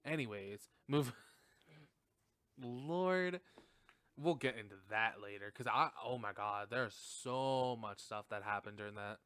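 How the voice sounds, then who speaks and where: Animated, cursing male podcast host. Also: fairly low pitch, moderate pace, hardly any pauses, clean tone, dry recording. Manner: animated, profane, rambling with many fillers. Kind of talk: casual movie review.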